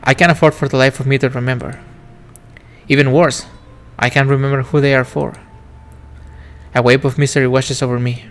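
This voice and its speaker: A man's voice: medium pitch, flat delivery, fairly quick. A man streaming a narrative game, reading its first-person text in a reflective, wistful way. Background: faint game music.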